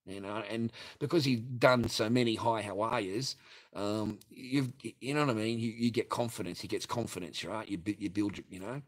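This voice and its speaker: A man's voice: lowish voice, normal speed, hardly any pauses. A man with an Australian accent rambling through a blunt, profane story to his livestream viewers. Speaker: livestream host.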